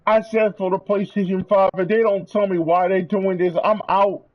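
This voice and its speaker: A man's voice: high-pitched, flat delivery, normal speed, dull audio. A man streaming, delivering a heated, profane rant to his viewers. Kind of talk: angry rant.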